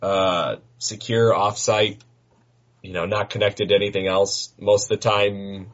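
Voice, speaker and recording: A man's voice: lowish voice, little pitch movement, a little slow. A man playing a tabletop game, talking in a rambling, hesitant way. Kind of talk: casual tabletop game chat. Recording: dull lo-fi recording.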